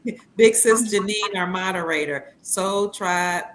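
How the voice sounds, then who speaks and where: A woman's voice: mid-range voice, unhurried, over a noisy crowd. A middle-aged woman hosting a casual chat, reading out viewer comments and affirming her guest. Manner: affirming, reads out viewer comments, frequent encouraging murmurs. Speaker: host.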